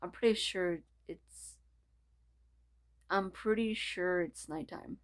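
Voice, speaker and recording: A woman's voice: mid-range voice, takes it slowly. A woman reading aloud as a perky, curious young woman character.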